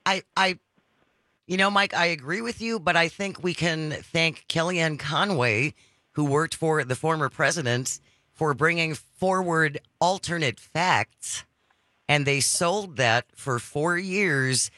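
A woman's voice: deep voice, slow, pushed and bright, no room sound, clean studio sound. A woman hosting a call-in radio show, reading listener texts aloud and taking callers. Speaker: radio talk show host. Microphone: studio microphone.

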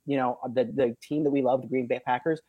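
A man as an interview guest, telling a story in an upbeat way and acting out quoted shouts. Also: medium pitch, fairly even intonation, fast, dry recording, narrow, tinny audio. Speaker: film producer guest.

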